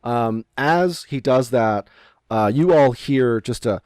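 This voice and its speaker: A man's voice: medium pitch, slow, a little mellow, slight background noise. A man narrating as game master of a tabletop game over a remote call, rambling with many fillers and restarts. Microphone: remote call microphone.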